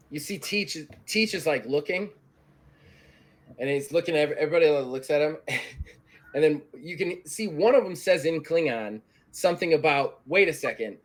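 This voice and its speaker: A hoarse man narrating as game master in a tabletop game, animated and quick to laugh. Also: fairly high pitch.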